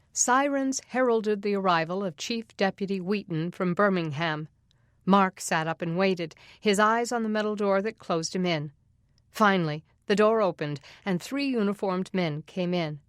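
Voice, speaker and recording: Female audiobook narrator, mid-pitched, dry studio read, acts out dialogue. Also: no echo. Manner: voices the characters with raised pitch in dialogue.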